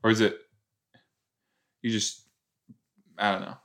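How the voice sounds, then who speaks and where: Podcast host, male, from LA, rambling and giggly, slow unhurried pace. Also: fairly low pitch, flat delivery, creaky, fairly bright tone. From Los Angeles area. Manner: giggly, rambling, self-mocking. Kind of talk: rewatch reaction commentary.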